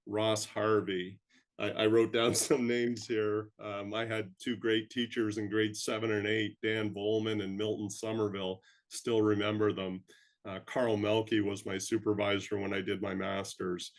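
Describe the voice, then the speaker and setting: Give me an older man from Canada with a somewhat low voice, humbly telling career stories. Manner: humble, rambling, with frequent ums. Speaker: interview guest. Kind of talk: reflective storytelling.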